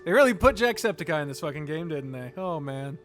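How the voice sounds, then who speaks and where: A man reads a story game aloud and reacts between the lines, cursing freely. His voice is bright and a little high, with lots of ups and downs. Faint music plays behind him. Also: brisk. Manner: animated, swears freely. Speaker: let's play gamer. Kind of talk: reading a text game aloud with commentary.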